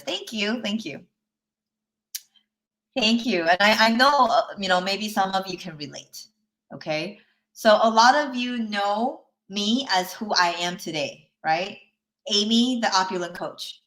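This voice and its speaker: A woman's voice: medium pitch, fairly bright tone. Chatty woman coach checking in with listeners. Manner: chatty, checks in often with "okay?" and "right?"; laughs lightly between points. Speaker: life coach. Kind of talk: live online workshop talk.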